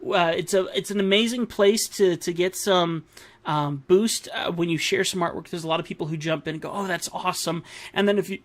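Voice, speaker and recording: High-voiced man chatting casually about art. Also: fairly quick. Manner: friendly, rambling, many fillers and restarts. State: hiccups. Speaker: YouTube art channel host. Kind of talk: casual tutorial wrap-up.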